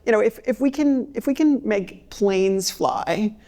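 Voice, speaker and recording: A woman's voice: medium pitch, a little slow, warm tone. A woman answering on a conference panel, hesitant, with many fillers and restarts. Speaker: panelist, consultant.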